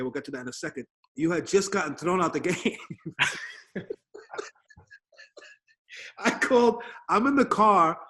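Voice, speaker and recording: Man host on a remote podcast call, high voice, animated storytelling. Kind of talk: casual remote interview chat. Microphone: video call.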